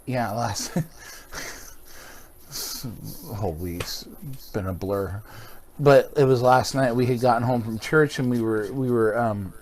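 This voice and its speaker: A man's voice: medium pitch, takes it slowly, long pauses, darkish tone, slight background noise. Male co-host, earnest storyteller, easygoing faith chat, mid-range voice. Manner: earnest, storytelling, quotes scripture.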